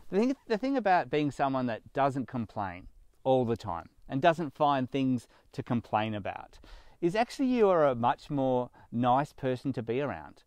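A man's voice: medium pitch, sing-song, normal speed, a little mellow, no room sound. A man giving a sermon, speaking earnestly and pushing up on his key words. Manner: earnest, emphatic preaching with rising stresses. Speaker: pastor.

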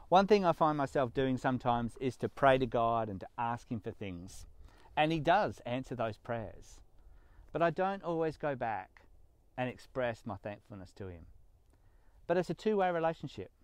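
A man's voice: medium pitch, darkish tone. Earnest man preaching. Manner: earnest, emphatic preaching with rising stresses. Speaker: pastor. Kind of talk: sermon.

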